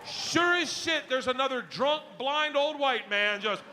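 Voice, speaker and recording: Stand-up comic, male: high, animated, crude storytelling. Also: measured pace, a crowd in the background, noisy background. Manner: loud, animated, crude punchlines. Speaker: stand-up comedian. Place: stage before a live audience.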